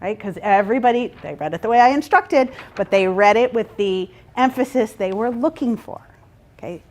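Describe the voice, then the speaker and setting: A woman's voice: fairly high pitch, expressive, normal speed, a little mellow. A woman facilitating a workshop, explaining to a group and checking in with "right?" and "okay?". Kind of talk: interactive workshop talk.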